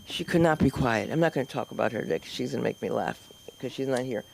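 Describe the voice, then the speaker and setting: Teasing comedy club host. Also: male voice, medium pitch, animated, fast talker, gravelly, slight background noise. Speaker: open mic host. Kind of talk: emceeing a comedy open mic.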